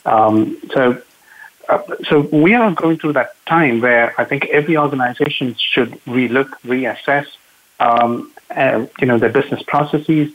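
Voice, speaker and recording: A man calling in as a panel guest, speaking earnestly and haltingly with many fillers, over a tinny phone line. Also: mid-range voice. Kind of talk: casual remote discussion.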